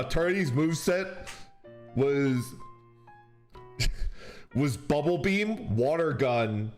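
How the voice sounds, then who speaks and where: A man's voice: on the high side, lively intonation, drawn-out words, long pauses, a little mellow. A man streaming and chatting casually with viewers, telling a rambling story and laughing often. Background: faint background music.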